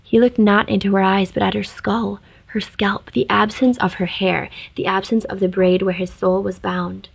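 A woman narrates a fantasy story in an even, measured read. Her voice is husky and gravelly, and her tone stays flat, with little rise or fall. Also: medium pitch, rough recording. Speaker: story reader.

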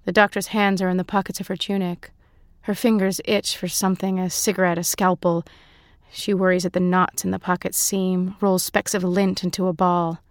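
A woman reading a short story aloud in measured scripted narration, lightly voicing the characters. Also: lowish voice, little pitch movement, no room sound. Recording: dry close-mic studio sound.

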